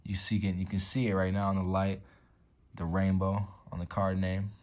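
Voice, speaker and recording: A man with a notably deep, low voice hosts a relaxed showcase of his card collection from a room at home. He talks in loose slang, swears casually, and sometimes sinks to a hush while admiring a card. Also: normal speed. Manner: laid-back slangy talk, swears, drops to whispers over cards. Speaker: YouTube card-collection host.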